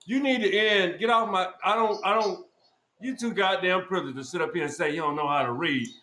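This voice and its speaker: A man's voice: high voice, a little fast. Profane, scolding man in an echoey room. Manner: loud, scolding, repetitive and profane. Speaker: podcast host. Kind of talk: heated profane podcast rant. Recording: echoey room with faint noise.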